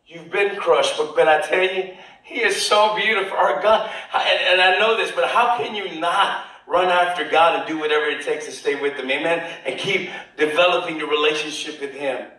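Fervent pastor preaching in an echoing church. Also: male voice, a little high, sharp tone. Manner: preaching with call-and-response, quoting scripture slowly. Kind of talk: sermon. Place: church sanctuary. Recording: roomy church sound from a distant mic.

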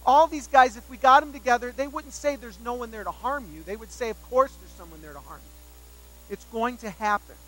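A man delivers a sermon in a high, bright and sharp voice. He leans on repetition to drive points home. He slips into animated, self-mocking storytelling. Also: brisk, a little hiss or hum, poor audio. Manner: emphatic, repeats key phrases for weight. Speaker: pastor.

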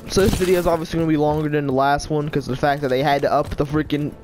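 Frustrated gamer. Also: male voice, a little high, fairly even intonation, racing, over music. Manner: frustrated, rambling, whiny. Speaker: gaming YouTuber. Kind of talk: live gameplay commentary.

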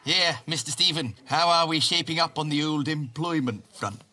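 A man's voice: on the high side, normal speed, faint music behind. A man voicing a cheeky, wisecracking male fox puppet who laughs at his own puns, in a studio sitcom. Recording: loud background noise.

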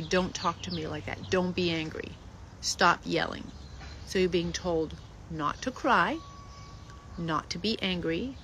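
A woman's voice: mid-range voice, a bit bright, slight background noise, rough recording. A woman acting coach giving an emphatic teaching talk to actors, listing words in rhythmic runs.

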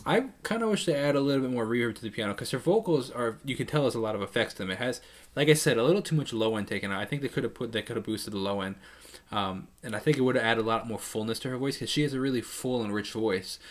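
A man's voice: medium pitch, fast talker. A man and musician reacting to a live song, casually explaining the mix and vocals into a studio microphone with a pop filter. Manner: explanatory, analytical, many restarts. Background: faint song playing.

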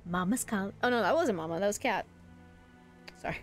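A woman's voice: mid-range voice, expressive, brisk, faint music behind. A young woman streaming a video game, goofy and profane, often laughing at it. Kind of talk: casual game commentary.

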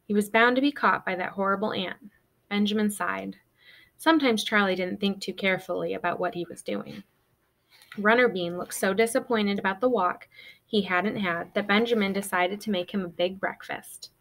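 A woman teacher reading a children's novel aloud to her students in a steady, expressive way. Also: medium pitch. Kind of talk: storybook read-aloud.

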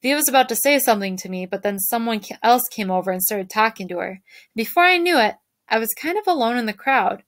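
Brief: woman teacher reading a novel aloud to her class, lively, dry close sound. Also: a little high, fast, dry recording. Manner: lively, shifts voices for characters.

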